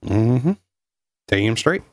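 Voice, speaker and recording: A man with a North Carolina accent co-hosting a stream, relaxed and laughing as he curses. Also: mid-range voice, extremely slow, dry recording, clean studio sound. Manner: laid-back, laughing, cursing. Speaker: co-host. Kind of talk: casual chat on a live stream.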